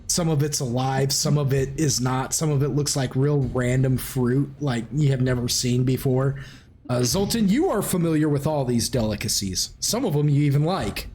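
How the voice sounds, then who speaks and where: Running the tabletop game, this game master speaks at normal speed in a medium-pitched male voice. His storytelling is animated and rambling, broken up by lots of laughter.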